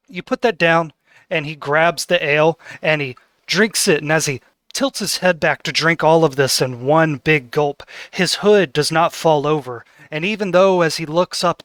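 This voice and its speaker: A man's voice: a little high, a bit bright, no room sound, studio quality. A man narrating as game master of a tabletop game, setting scenes with descriptive narration and fillers.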